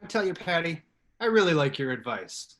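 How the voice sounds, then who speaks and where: A man hosting a live improv comedy show from home over a video call, upbeat and animated. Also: fairly high pitch, fairly quick. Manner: animated, upbeat, hedging fillers. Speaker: host.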